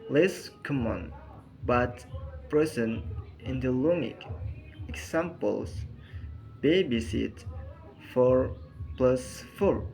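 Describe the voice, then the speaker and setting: A man reading out a lesson on word formation in short, halting phrases. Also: mid-range voice, expressive, gravelly, darkish tone, soft background music, rough recording. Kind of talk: reading a lesson on compound words. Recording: faint background noise.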